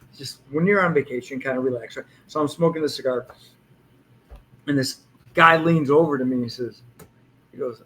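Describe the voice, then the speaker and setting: A man's voice: mid-range voice, a little fast, long pauses, a bit bright, slight background noise, low-quality recording. A man in his sixties, a police hostage negotiator, telling anecdotes in a casual interview and acting out the lines he quotes. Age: 60s.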